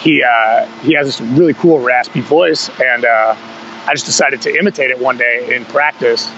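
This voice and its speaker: A man's voice: medium pitch, moderate pace, fairly bright tone. Male punk singer guest, mid-range voice, loose rambling anecdotes, salty language, muffled lo-fi podcast sound. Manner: loose, rambling storytelling with frequent swearing and chuckles. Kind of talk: casual conversational interview. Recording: dull lo-fi podcast audio with faint hum.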